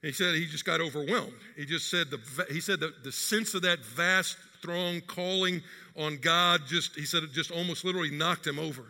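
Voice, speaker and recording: A male pastor preaches in a high, very bright voice that carries a long reverb through the church. He tells a story and turns to speak straight to the congregation. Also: moderate pace, vocal fry. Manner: storytelling, addresses the congregation directly. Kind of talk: sermon.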